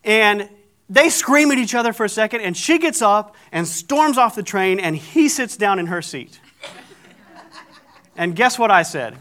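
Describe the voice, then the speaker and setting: A man's voice: sits high, lively intonation, a little slow, a bit bright. A middle-aged man preaching, telling a story with animation and acting out the people in it. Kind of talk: storytelling sermon.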